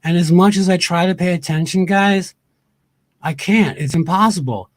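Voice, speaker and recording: A male livestreamer in a heated rant, his voice sitting a little high for a man. He swears freely and hammers the same lines again and again, angry and indignant. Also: moderate pace. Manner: angry, profane, repeats himself.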